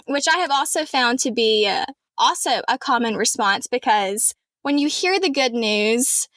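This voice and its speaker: A woman with an American accent, from Alabama, telling her story in an earnest, heartfelt way. Her voice sits a little higher than most, and the pace swings between quick runs and slow, weighty phrases. The sound is close and dry, with no room around it. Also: expressive, fairly bright tone, no room sound. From Alabama, USA. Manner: earnest, heartfelt, speeds up and slows down. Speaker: reporter, podcast guest. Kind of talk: personal travel storytelling.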